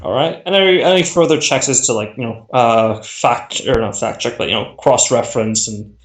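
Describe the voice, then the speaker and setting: A man running a tabletop game, chatting casually between turns with a halting delivery full of fillers and restarts, heard over a voice call. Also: medium pitch. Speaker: game master. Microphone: voice chat over the internet. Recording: echoey voice-chat audio.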